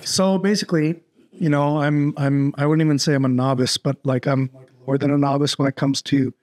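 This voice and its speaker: Male podcast host, slightly high pitch, rambling casual chat, lots of restarts. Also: level tone, a little fast, darkish tone. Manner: loose, rambling, many fillers and restarts.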